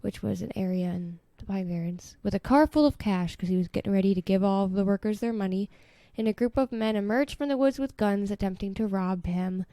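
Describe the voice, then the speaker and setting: A woman's voice: mid-range voice, brisk, hardly any pauses, dark tone, no echo, clean studio sound. A woman co-hosting a podcast, chatting casually and retelling a story with lots of "like" and "um" and frequent giggles. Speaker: podcast co-host. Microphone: podcast mic.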